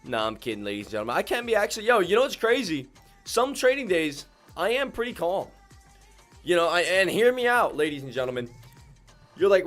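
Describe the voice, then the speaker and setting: A man streaming his day trading live, slangy and excitable, swinging between calm muttering and loud whoops as he talks to his viewers. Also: sits high, quick pace, soft background music. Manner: slangy, keeps addressing viewers as ladies and gentlemen.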